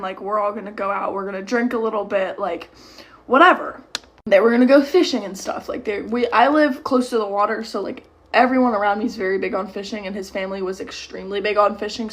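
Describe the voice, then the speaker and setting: Heated, rambling young woman storyteller. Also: on the high side. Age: young adult. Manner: rambling, heated, swears, many "like" fillers. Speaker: storytime creator. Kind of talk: casual storytime monologue. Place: at home at a mirror.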